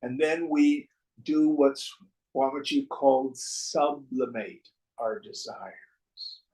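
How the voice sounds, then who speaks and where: A man giving a slow, measured spiritual talk on scripture, his voice trailing off softly at the ends of phrases. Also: medium pitch, rough recording. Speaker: spiritual teacher.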